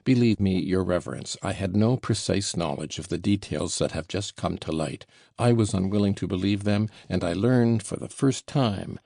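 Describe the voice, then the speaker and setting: A man voicing a humiliated gentleman who protests hotly and defensively. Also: low voice, moderate pace, creaky, no room sound, studio quality. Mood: indignant.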